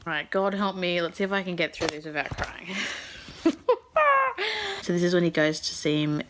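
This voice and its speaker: A woman's voice: fairly low pitch, fairly even intonation, fast talker, background noise. A woman book vlogger reading a novel aloud and giving her emotional reactions, sighing and dropping to a half-whisper at times.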